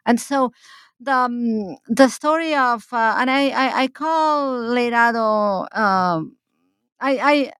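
A woman's voice: on the high side, slow, fairly bright tone, clear, resonant tone, no room sound. A woman historian answering interview questions in a loose, rambling way, with many fillers and restarts. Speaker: historian guest. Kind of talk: casual interview talk.

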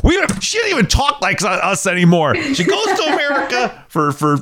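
A man putting on a shrill scandalized old grandparent. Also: huge pitch swings, fairly quick, bright, forceful tone, slight background noise, heavily acted. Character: fussy elderly grandparent grumbling about a granddaughter.

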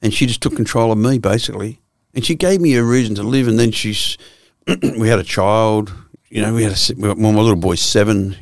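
Gravelly older Australian man, blunt and profane. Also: fairly low pitch, a little mellow, dry recording, clean studio sound. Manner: blunt, profane storytelling with frequent restarts. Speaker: guest. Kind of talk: candid storytelling interview.

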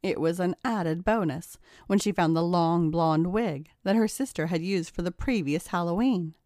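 A woman reading a story aloud in a steady, even narration. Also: lowish voice, moderate pace, no room sound, studio quality. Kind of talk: scripted narration.

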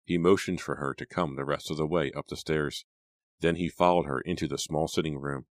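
A man narrating an audiobook in a steady, dramatic storytelling manner. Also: rumbling low, fairly quick, no room sound. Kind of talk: scripted narration.

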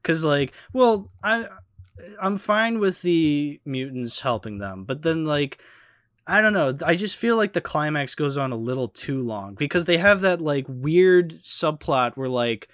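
A man hosting a casual movie podcast, giving animated, critical opinions with lots of fillers. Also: on the high side, a little slow, dry recording, studio quality. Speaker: podcast host. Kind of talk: casual movie review chat.

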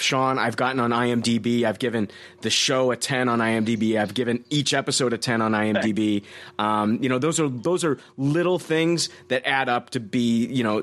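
A man hosting a podcast, talking eagerly in casual chat with halting restarts. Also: medium pitch, fairly bright tone. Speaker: podcast host.

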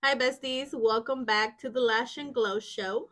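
A woman co-hosts an interview show and pitches her voice a little higher than most. She keeps the chat casual and cheers her guest on with frequent laughs and small affirmations. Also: fairly even intonation, a bit bright. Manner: encouraging, laughs often, quick affirmations. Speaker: podcast co-host.

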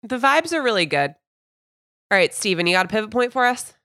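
A woman's voice: fairly high pitch, big pitch swings, a little fast, fairly bright tone, no echo, clean studio sound. A woman hosting a football podcast, telling rambling, chatty anecdotes and steering the talk. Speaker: podcast host. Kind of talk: casual sports chat.

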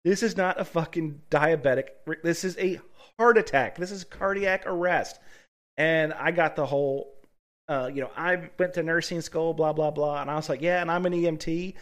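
A man's voice: fairly high pitch, normal speed, a bit bright. A man co-hosting a podcast, reading news with stumbles and chatting bluntly with plenty of swearing. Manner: blunt, profane, reads news aloud with stumbles. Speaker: podcast co-host. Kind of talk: casual podcast chat.

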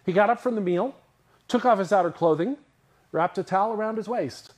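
This pastor's high voice moves a little fast as he preaches in a conversational, animated style. He puts questions to his listeners and helps them imagine scenes.

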